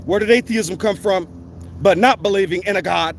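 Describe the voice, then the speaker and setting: A man's voice: high-pitched, moderate pace. A man, ranting bluntly and profanely in a walking vlog, recorded outdoors by a road. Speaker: vlogger. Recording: outdoor street noise, passing cars.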